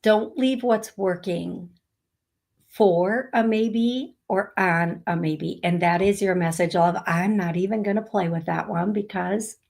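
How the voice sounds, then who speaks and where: A woman hosting a live psychic reading stream, talking slowly and affectionately to viewers, with many fillers while she reads comments. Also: mid-range voice, creaky, darkish tone. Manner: slow, soothing, affectionate. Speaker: psychic medium host.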